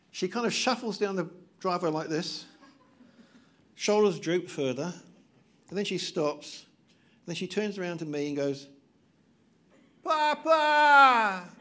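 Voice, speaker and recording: Older guy preaching, pretty high voice, earnest, hammers the same lines over and over. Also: animated, normal speed, pauses often. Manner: earnest, emphatic preaching with repeated phrases. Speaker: pastor. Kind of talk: sermon.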